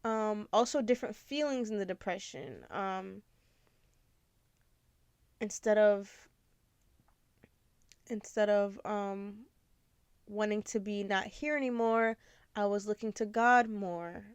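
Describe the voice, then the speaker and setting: A woman's voice: mid-range voice, steady tone, slow, pauses often, smooth, no echo. A woman in her twenties hosting a podcast, talking candidly and rambling with lots of fillers. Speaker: podcast host. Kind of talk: casual confessional chat.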